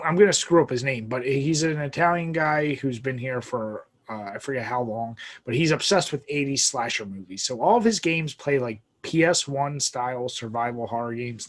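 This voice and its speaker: A man's voice: mid-range voice, a bit bright. A man hosting a podcast in casual chat, laid-back, swearing freely and laughing often. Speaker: podcast host.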